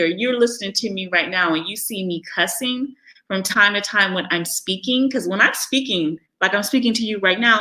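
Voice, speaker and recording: This is an American woman with an African American English accent, talking off the cuff in a live vlog. Her voice is bright and forward, with a candid, unfiltered manner. She laughs readily and throws in animated little impressions of other people. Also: a little high, poor audio. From United States. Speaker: vlogger living abroad. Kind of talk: casual live-stream monologue.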